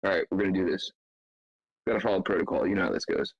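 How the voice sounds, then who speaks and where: A man's voice: low voice, steady tone, quick pace, no room sound, muffled recording. Casual laughing man hosting a meetup. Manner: loose, laughing, lots of fillers. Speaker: meetup host. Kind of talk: casual livestream chat.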